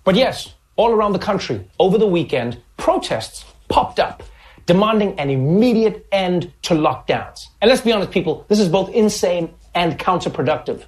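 Sarcastic man with a lively, bouncing voice. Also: sits high, moderate pace. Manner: sarcastic, mocking delivery. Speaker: comedy show host. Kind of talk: satirical news monologue.

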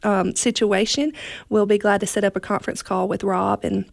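Southern woman, radio guest, gravelly edge, dry sound, friendly and hesitant. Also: mid-range voice, level tone, normal speed, no room sound. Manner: friendly, hesitant with many ums. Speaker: foundation staff guest. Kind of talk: casual radio interview.

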